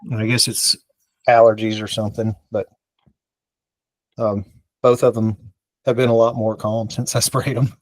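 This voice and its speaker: A man's voice: on the low side, level tone, normal speed, long pauses, no room sound. A man from the American South, a podcast co-host, telling a rambling, self-mocking story in casual chat and acting out the dialogue.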